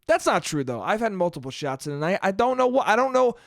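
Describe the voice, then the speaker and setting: A man's voice: high voice, fast, gravelly, no echo, clean studio sound. A man hosting his own podcast, telling a comic story alone, with lots of swearing and self-mockery. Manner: profane, animated, self-mocking. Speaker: podcast host. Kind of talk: solo comedic storytelling monologue.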